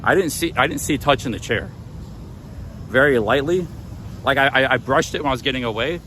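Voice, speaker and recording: A man's voice: medium pitch, brisk, pushed and bright, slight background noise. Agitated man stammering in his defense. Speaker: livestreamer. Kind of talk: live walk-and-talk stream. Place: outdoors on city streets.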